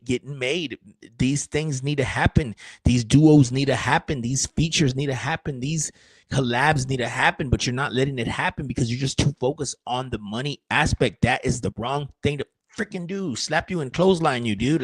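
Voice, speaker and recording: A man rambling excitedly on a live stream, cursing and joking as a country musician. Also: on the high side, no echo.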